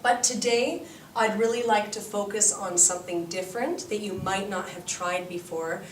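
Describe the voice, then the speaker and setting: A woman with a Canadian accent, an English teacher giving encouraging advice to students and demonstrating sentences. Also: medium pitch. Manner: encouraging, demonstrates sentences slowly then fast. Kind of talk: orientation talk to students. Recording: roomy echo, far from mic, faint noise.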